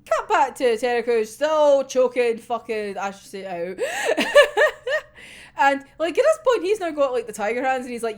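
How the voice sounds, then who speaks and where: A woman with a Scottish accent casually talking through an anime episode, animated and laughing often, with plenty of swearing. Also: high-pitched, measured pace. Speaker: anime reviewer.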